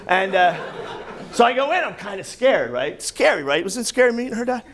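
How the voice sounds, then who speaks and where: Animated high-voiced man doing standup. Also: brisk. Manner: animated, profane, loud bursts over crowd laughter. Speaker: standup comedian. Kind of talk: standup comedy set. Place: comedy club stage. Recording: live club recording with crowd laughter. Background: audience laughing.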